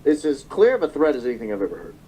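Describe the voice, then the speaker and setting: A man's voice: mid-range voice, wildly swooping pitch, very fast, warm tone, husky, low-quality recording. A man in his thirties giving an emotional political monologue, often repeating phrases and correcting himself. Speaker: political commentator. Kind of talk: monologue commentary.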